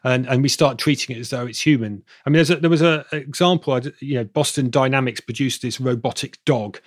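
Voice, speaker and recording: A man from Bristol with a southern English accent, medium-pitched and quick, answers interview questions at length as an expert guest. He rambles and corrects himself, often restarting sentences. The recording is dry and studio quality.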